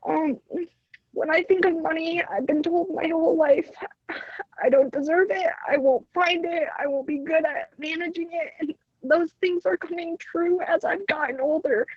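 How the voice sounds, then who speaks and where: A woman calling in from a separate room at work, emotional and halting as she speaks. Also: very high voice, dry recording, lo-fi sound. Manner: halting, hesitant. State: emotional, near tears. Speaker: caller.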